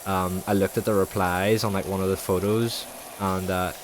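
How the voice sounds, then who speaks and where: Young man, deep voice, sweary rambling stories, casual gaming stream chat. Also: flat delivery, moderate pace, a little hiss or hum, rough recording.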